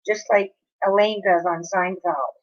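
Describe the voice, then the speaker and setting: A woman's voice: mid-range voice, fairly even intonation, unhurried, dull audio. A woman chatting casually with viewers on a live stream, apologetic and talking straight to her chat.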